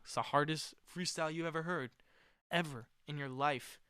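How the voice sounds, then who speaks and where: An excitable young man chats casually to his viewers in slangy talk. His voice is a little high, bright and crisp. The recording is dry and close. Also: no room sound. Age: young adult. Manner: excitable, slangy, quick swings in loudness. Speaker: vlogger. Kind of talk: casual chat.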